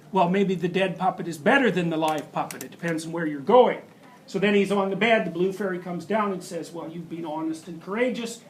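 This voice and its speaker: Male lecturer, higher-pitched, emphatic and animated, restarts sentences mid-thought, light noise behind. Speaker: university lecturer. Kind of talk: university lecture.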